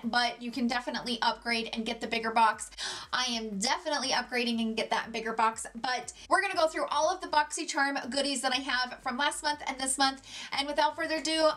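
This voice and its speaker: Young woman vlogger, high bright voice, gushing casual chat about products. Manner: gushing, enthusiastic, rambling. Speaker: beauty vlogger. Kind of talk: chatty unboxing vlog.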